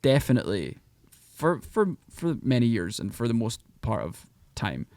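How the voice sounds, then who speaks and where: Scottish man, animated and chatty. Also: medium pitch, moderate pace, no room sound. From Scotland. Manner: animated, rambling, breaks into mock voices. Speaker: podcast guest, country singer. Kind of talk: casual podcast chat.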